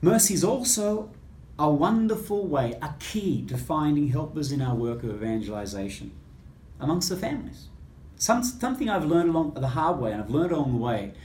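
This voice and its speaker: A man's voice: fairly high pitch, sing-song, moderate pace, a little mellow, slight background noise. A male priest tells a personal story with a voice that rises and falls freely. He acts out the quoted dialogue. The recording has a roomy echo and a faint room ambience underneath. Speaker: Catholic priest.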